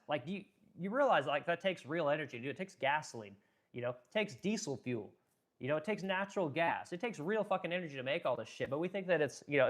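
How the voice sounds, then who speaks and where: A man in a blunt, profane, unscripted commentary rant, reading out viewer comments as he goes. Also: a little high. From American Midwest. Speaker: political commentary streamer.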